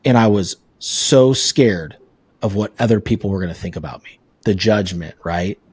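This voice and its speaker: A man hosting a podcast, telling personal stories and asking questions in a relaxed, candid way. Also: on the low side, moderate pace, breathy edge, no room sound. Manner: storytelling, relaxed and candid, with casual swearing. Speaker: podcast host. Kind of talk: casual interview chat.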